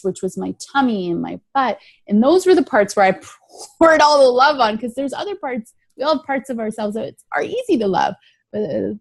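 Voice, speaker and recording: A woman's voice: mid-range voice, darkish tone, no room sound. A middle-aged woman telling her recovery story in an interview, earnest and emphatic, often repeating key phrases. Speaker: guest sharing recovery story. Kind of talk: interview answers, reflective.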